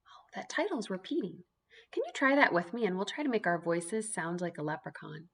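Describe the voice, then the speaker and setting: A woman teacher giving an early reading lesson for young children, speaking clearly and encouragingly. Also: mid-range voice, sing-song. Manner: encouraging, slow, clearly spoken teacher talk.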